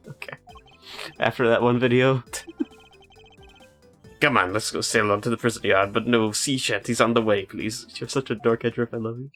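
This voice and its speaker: A man's voice: medium pitch, steady tone, moderate pace, long pauses, a bit bright. A man talks casually and playfully while streaming a game. Light game music plays beneath his voice. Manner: playful, joking. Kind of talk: casual gameplay commentary.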